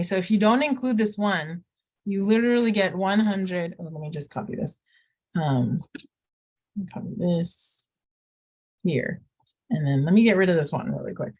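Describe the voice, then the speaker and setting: Middle-aged lady teacher, chatty, explaining math step by step, normal pitch. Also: lively intonation, moderate pace, long pauses, darkish tone. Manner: chatty, talks students through steps, playful asides. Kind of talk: recorded math lesson walkthrough.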